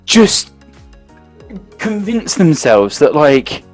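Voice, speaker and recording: A man's voice: medium pitch, expressive, a little slow, soft background music. A man co-hosting a casual chat, talking animatedly, laughing often and leaning on "like" as a filler. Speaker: co-host.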